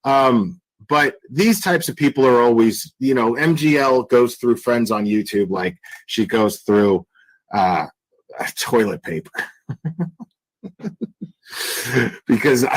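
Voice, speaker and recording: A commentary channel host speaks bluntly and crudely on a casual livestream, full of fillers and restarts. His voice is mid-range and the recording is rough.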